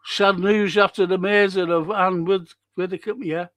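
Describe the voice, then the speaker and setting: A man's voice: sits high, steady tone, slow pace, a bit bright. A man hosting a live stream, reading out chat comments and telling rambling stories. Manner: rambling, chatty storytelling with restarts. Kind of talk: casual chat.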